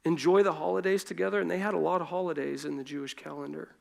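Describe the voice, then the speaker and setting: Preacher, man, high-pitched, informal, loose sermon delivery that swings between forceful stresses and quiet asides. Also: fairly even intonation, quick pace, vocal fry. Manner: informal, self-correcting, shifts between loud emphasis and hushed asides. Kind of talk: conversational sermon. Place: church.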